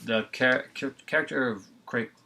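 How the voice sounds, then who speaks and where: Brief: male reviewer, mid-pitched, loose and rambling, exasperated and jokey. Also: normal speed, creaky, pushed and bright. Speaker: movie reviewer. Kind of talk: casual chat.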